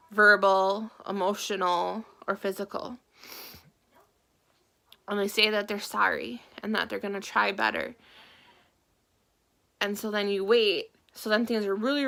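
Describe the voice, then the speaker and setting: A young woman talks quietly and haltingly, stopping often and fighting back tears. Her voice is mid-pitched and slips into a gravelly fry. She speaks to the camera about her own life. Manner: soft, halting, emotional, with many pauses and fillers. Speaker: woman sharing her story. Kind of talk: personal testimony to camera.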